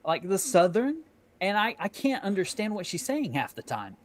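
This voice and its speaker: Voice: mid-range voice, very animated, normal speed, no echo. Co-host reacting with dry little comments, plain middle voice, close dry mic. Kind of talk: casual chat.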